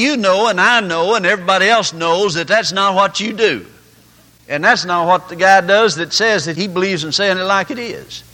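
A man's voice: high-pitched, sharp tone, low-quality recording. A man preaching a sermon, telling folksy stories and acting out the people in them. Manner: folksy storytelling with acted-out voices.

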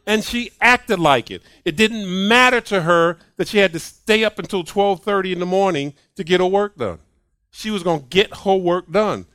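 A man preaching a sermon on a clip-on mic, emphatic and repetitive, swinging from soft asides to loud declarations. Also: high-pitched, no room sound. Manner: emphatic, punches points with "period" and repeats lines.

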